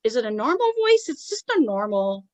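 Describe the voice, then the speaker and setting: Woman, podcast co-host, casual chat, animated storytelling, lively pitch, dry sound. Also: brisk, dry recording. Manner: animated retelling, acts out quoted lines.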